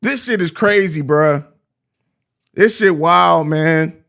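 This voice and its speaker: A young man hosts a live postgame stream, ranting about his team's loss in exasperated, profane slang. His voice is fairly high, slow and creaky, with a fairly bright tone.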